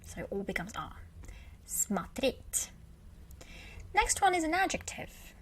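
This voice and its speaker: A woman's voice: high-pitched, sing-song, brisk, slight background noise. A woman with a Russian accent teaching a beginner language lesson, patiently repeating example words with emphasis.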